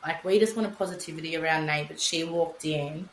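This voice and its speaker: A woman's voice: deep voice, fairly quick, a little hiss or hum. A young adult Australian woman, a podcast guest, telling her story frankly and emotionally, swearing freely and acting out what she said. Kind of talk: candid conversational storytelling. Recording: roomy echo with faint ambience.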